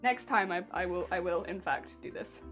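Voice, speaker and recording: A woman with a lowish voice speaks at normal speed while crafting a cosplay on stream. She chats casually, giggles often, and reads out her chat over soft background music.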